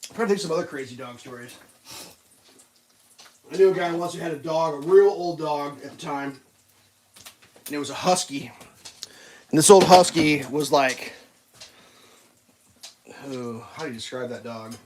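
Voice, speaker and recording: A man casually telling rambling dog stories while cooking breakfast on a stream, animated and laughing at his own tales. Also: a little high, moderate pace, long pauses, slight background noise.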